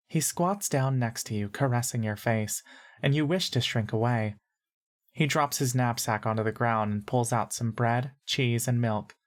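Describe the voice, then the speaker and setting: A woman narrating a story in second person in a calm, measured way. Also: a bass voice. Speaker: audiobook narrator.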